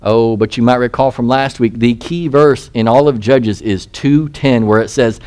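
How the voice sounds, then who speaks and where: A man's voice: medium pitch, moderate pace, few pauses, a little mellow, clean tone. A male pastor giving an expository sermon, reading scripture aloud and putting rhetorical questions to his listeners.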